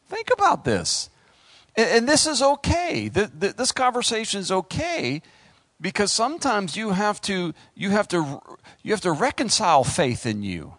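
A middle-aged male pastor preaching a sermon, animated, acting out voices and talking straight to the congregation. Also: high-pitched, moderate pace, dry recording.

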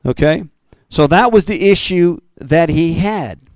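Male pastor, fiery pulpit preaching, higher-pitched voice, dry close recording. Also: lively intonation, measured pace, no room sound. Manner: fiery, swings from loud to low. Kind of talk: Pentecostal sermon.

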